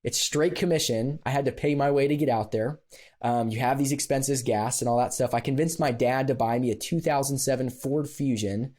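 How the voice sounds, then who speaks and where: Appearing as a guest on a podcast, a man recounts a personal story in a mellow, warm, medium-pitched voice at a moderate pace. He's casual and animated, laughing frequently and sprinkling fillers throughout.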